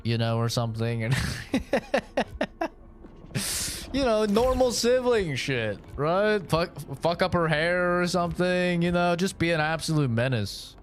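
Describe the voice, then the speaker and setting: A man's voice: on the high side, lively intonation, a little slow, pauses often, a little hiss or hum. A young man chatting on a gaming stream, telling crude, profane, rambling stories. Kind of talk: casual stream chat.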